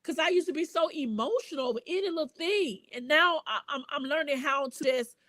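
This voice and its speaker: High-voiced woman, lively faith-show host. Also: a little fast, no echo. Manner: animated, repeats words, folksy. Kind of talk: casual faith talk.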